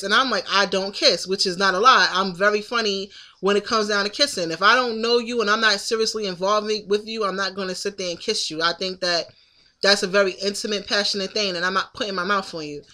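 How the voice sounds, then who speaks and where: A woman's voice: mid-range voice, pushed and bright. A woman in her thirties telling a story to the camera in a casual, indignant venting monologue. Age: 30s. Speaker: vlogger.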